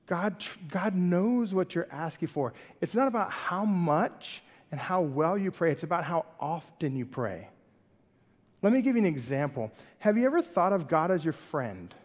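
A man preaching a sermon in a conversational, animated way, asking the congregation many questions. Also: high-pitched. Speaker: pastor. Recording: long hall reverb.

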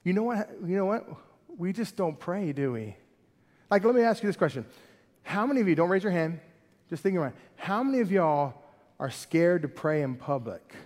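A man preaching a sermon in a conversational, animated way, asking the congregation many questions. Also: high voice, moderate pace. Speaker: pastor. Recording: long hall reverb.

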